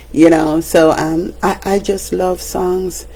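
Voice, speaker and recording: A Jamaican woman speaks slowly in a casual livestream monologue, chatty and quick to laugh. Her voice has a gravelly, creaky edge, and she talks like the radio broadcaster she is. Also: fairly low pitch, fairly even intonation, warm tone. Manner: chatty, laughs often, breaks into song.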